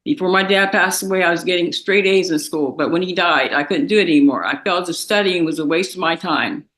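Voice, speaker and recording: A young woman, a victim's daughter, reading a victim impact statement in a courtroom, halting and tearful. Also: fairly low pitch, fairly bright tone, echoey room, low-quality recording. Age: young adult.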